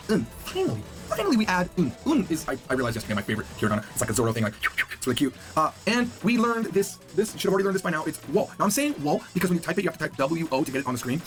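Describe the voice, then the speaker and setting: A man teaching a beginner language lesson in an upbeat, chatty way, repeating each new word for the listener to drill. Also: on the high side.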